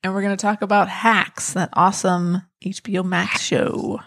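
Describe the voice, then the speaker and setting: A woman co-hosting a casual podcast with quick, upbeat reactions. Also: medium pitch, flat delivery, creaky, a bit bright, dry recording, clean studio sound. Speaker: podcast co-host.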